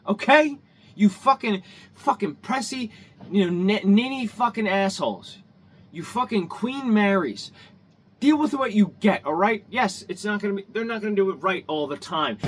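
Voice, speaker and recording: A man's voice: high-pitched, fairly bright tone. A man ranting angrily to camera in a vlog, swearing heavily, repeating himself and stumbling over restarts. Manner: profane, heated, repetitive, stumbling restarts. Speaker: vlogger. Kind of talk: angry rant to camera.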